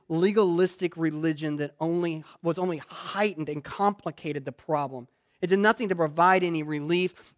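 High-voiced man preaching with rising fervor. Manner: builds from quiet reflection to loud, exclamatory preaching. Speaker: pastor. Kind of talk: sermon. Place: church sanctuary.

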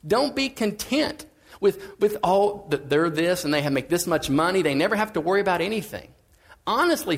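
Higher-voiced man preaching casually. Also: sing-song, moderate pace, vocal fry, slightly rough. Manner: casual, conversational preaching with swings of emphasis. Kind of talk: sermon.

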